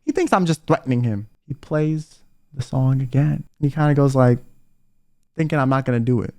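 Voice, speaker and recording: A young man telling a storytime in a casual, exasperated rant, swinging between loud bursts and mumbles. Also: mid-range voice, moderate pace. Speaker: vtuber storyteller.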